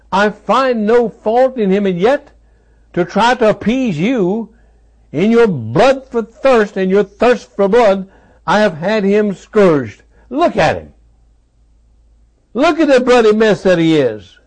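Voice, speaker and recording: An exasperated, pleading old roman governor, voiced by a preacher mid-sermon, throwing each repeated line at the crowd with a high, swooping voice. he leans hard on every phrase and says it twice, slowly and forcefully. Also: heavily acted. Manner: emphatic, repeating himself.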